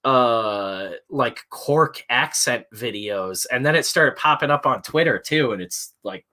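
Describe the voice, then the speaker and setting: A man hosting an easygoing morning stream, chatting in a loose, meandering way. His talk is filled with "uh" and cut through with casual swearing. His voice sits at a middling pitch. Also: animated, a little slow, pushed and bright. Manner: rambling and loose, with frequent "uh" and swearing. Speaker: stream host.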